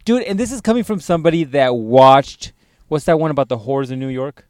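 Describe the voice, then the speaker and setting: A man's voice: mid-range voice, fairly quick, a little mellow, dry recording, clean studio sound. A young man co-hosting a podcast, swearing and joking crudely in casual chat, laughing often. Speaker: podcast co-host.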